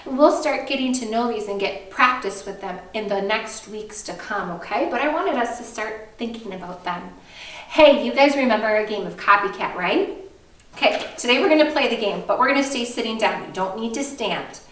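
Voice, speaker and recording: A woman music teacher leading a kindergarten lesson, talking in a slow, sing-song, animated way and breaking into song. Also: a little high, reverberant, distant mic.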